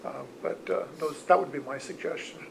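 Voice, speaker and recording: A man serving as mayor, answering questions at a city council meeting in a measured, halting way with many fillers. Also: fairly high pitch, vocal fry, slight background noise, rough recording.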